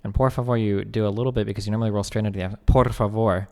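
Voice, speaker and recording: A man's voice: fairly low pitch, fairly even intonation, gravelly, warm tone. Young man streaming with a reverby mic. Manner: reads text aloud quickly, breaks off to chat and joke; swears casually. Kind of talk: casual live-stream commentary.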